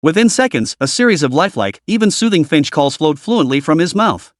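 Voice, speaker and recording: A man narrating an audiobook story in an animated reading style. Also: fairly high pitch, brisk, hardly any pauses, no room sound, clean studio sound.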